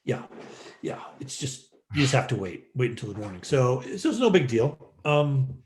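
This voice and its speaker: A man's voice: medium pitch, big pitch swings, moderate pace, a little mellow, slight background noise. A middle-aged man from Western Canada, a podcast guest telling a long story in a loose, rambling way with lots of fillers. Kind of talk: casual storytelling interview.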